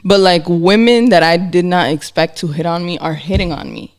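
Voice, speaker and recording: A woman co-hosting a podcast in casual chat, candid and animated, laughing often. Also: fairly low pitch, moderate pace. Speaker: podcast co-host.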